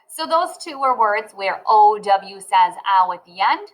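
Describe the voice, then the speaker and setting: A woman teaching a phonics lesson to children, sounding out letters and words slowly and clearly. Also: mid-range voice, lively intonation, rough recording.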